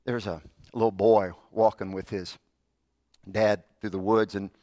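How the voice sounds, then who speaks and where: A man preaching a sermon as a Methodist pastor, telling stories earnestly, building up and then dropping soft. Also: fairly low pitch, little pitch movement, a little slow, no echo. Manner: earnest storytelling, swells louder in stories then drops soft.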